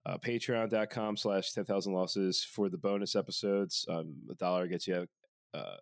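A man's voice: sits low, steady tone, normal speed, dry recording, studio quality. A young man hosting a casual sports podcast, rambling and profane with lots of fillers. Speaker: podcast host.

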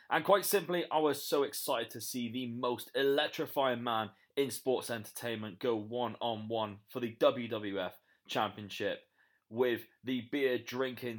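Young british guy hyping his pick on a podcast, upbeat, middle pitch. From Britain. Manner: upbeat, promotional. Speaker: guest podcaster. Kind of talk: pre-recorded podcast segment.

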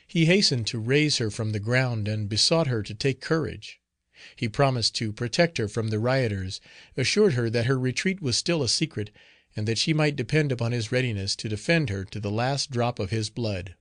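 A man narrating a classic novel in a measured, formal storytelling manner. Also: mid-range voice, no room sound, studio quality. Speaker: audiobook narrator.

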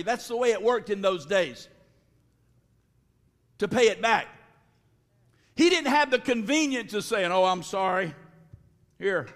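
High-voiced man preaching slowly in a hall. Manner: slow preaching with sudden shouts and drawn-out words. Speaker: pastor. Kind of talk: sermon. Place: church sanctuary. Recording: long reverb of a large hall.

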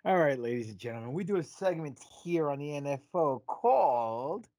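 A man's voice: a little high, expressive, normal speed, warm tone, no echo. Rambling male podcast host, dry sound. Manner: rambling, joke-telling, many fillers. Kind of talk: casual podcast chat.

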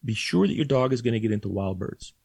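A man quoting a blunt, gruff older male dog trainer who gives curt, profane orders. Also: mid-range voice, animated, fast talker, darkish tone, no room sound. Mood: bossy.

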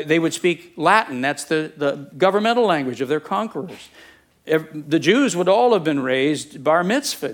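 A man preaches to his congregation. His voice sits a little higher than most men's. He talks conversationally, breaking off into asides and jokes as he goes. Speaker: pastor. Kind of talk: sermon.

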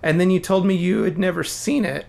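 A man with a gravelly, fry-tinged voice co-hosts a casual podcast. He talks eagerly about films and laughs often. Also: high voice, a little fast. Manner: excited, chatty, laughs often. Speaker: podcast co-host.

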